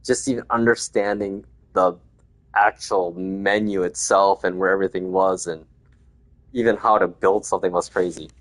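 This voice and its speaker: Laid-back lower-voiced man rambling over gameplay. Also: steady tone, normal speed. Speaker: gaming channel host. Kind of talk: casual gameplay commentary.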